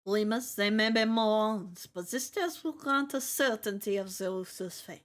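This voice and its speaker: A woman reading as a slow, imperious noblewoman. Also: mid-range voice, natural voice. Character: stern commanding noblewoman judge. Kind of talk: reading a game aloud with voices.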